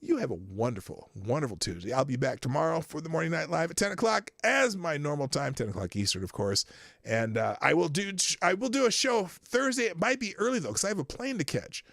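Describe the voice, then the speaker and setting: A man hosts a live show and rushes through his thank-yous and goodbyes, swearing freely and restarting his sentences. His voice sits fairly high and swings widely in pitch. It is recorded dry and close, with faint music underneath. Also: very animated, gravelly, fairly bright tone, dry recording. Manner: rushed, loose and profane, with many restarts. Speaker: live-stream show host. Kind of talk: casual live-stream commentary and sign-off.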